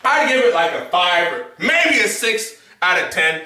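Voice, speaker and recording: Young man, profane movie review rant, shouty, high bright voice, echoey room. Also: normal speed, distant mic. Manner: loud, profane, animated, mimics with shouts. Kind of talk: casual ranting movie review.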